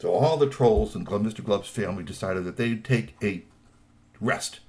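A man telling a children's story in a playful, animated way, with lots of asides. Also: fairly low pitch, moderate pace.

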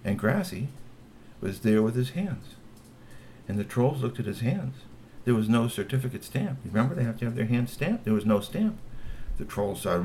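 A man's voice: on the low side, expressive, normal speed, a little hiss or hum. A man telling a long story with exclamations, laughing asides and repeated words. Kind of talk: animated oral storytelling.

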